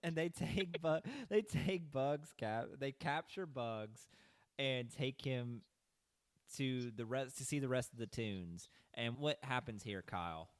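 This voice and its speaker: A young man with a medium-pitched voice speaks slowly, with no room sound, while hosting a podcast. In a casual movie-review chat he retells the plot at length, with loose asides and casual swearing.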